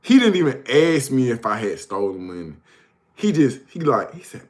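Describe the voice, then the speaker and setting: A man's voice: on the high side, very animated, moderate pace. A man hosting his own show, telling stories casually, often laughing and calling the listener bro. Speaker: host. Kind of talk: casual storytelling.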